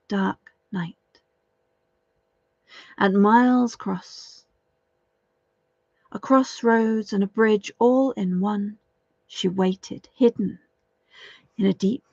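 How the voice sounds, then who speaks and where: A woman's voice: mid-range voice, gravelly, no echo. A woman storyteller telling a folk tale aloud, dramatic and lingering over repeated phrases. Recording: dull, dry lo-fi recording.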